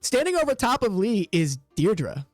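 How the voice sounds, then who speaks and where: A man running a tabletop game as game master, narrating casually and leaning on fillers. His voice is high. It is a dry, close recording with faint music behind him. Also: very animated, normal speed, dry recording.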